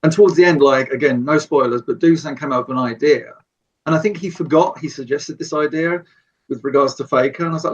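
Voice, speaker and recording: A man chats as a podcast guest, enthusiastic and rambling, often restarting his sentences. His husky, slightly high voice sits a little away from the mic. The recording is dull and lo-fi. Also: fast talker. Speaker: guest, storyboard artist. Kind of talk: casual podcast chat. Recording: distant, dull lo-fi remote mic.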